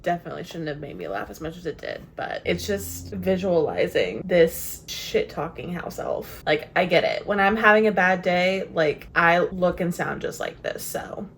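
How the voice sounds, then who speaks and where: A woman's voice: fairly low pitch, expressive, normal speed, hardly any pauses, a little hiss or hum. A young woman vlogging casually about a book she is reading, chatty and self-mocking, often laughing. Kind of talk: casual chat to camera.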